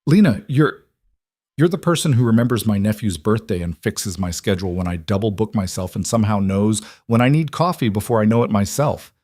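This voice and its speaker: A man voicing a powerful boss who speaks to his secretary in a low, earnest way in a romance audiobook. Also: brisk, a little mellow, dry recording, studio quality, lightly acted.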